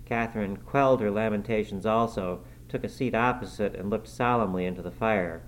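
A man reading a classic novel aloud as audiobook narration, measured storytelling. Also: lowish voice, a little hiss or hum, rough recording. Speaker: audiobook reader. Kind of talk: scripted narration.

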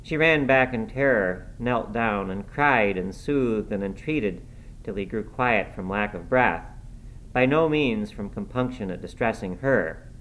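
Male audiobook narrator, low-ish voice, measured classic-novel delivery. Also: expressive, fairly bright tone, slight background noise, poor audio. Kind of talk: audiobook reading.

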